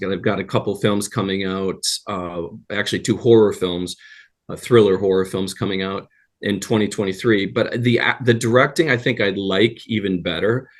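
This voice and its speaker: A man talking as a guest in a casual interview, telling long anecdotes with a rambling flow. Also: fairly low pitch. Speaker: guest actor and writer.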